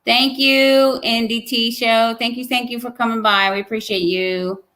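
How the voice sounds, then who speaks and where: At normal speed and in a steady tone, a young pregnant woman with a fairly high, slightly bright voice hosts a casual live chat. She reads comments aloud, playfully teases viewers, and laughs often.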